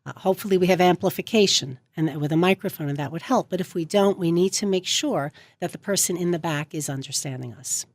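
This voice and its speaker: Emphatic woman speech coach, low-pitched. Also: fast talker, few pauses. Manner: emphatic, coaching tone, stressing key words. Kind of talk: radio guest interview. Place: radio studio. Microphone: studio microphone.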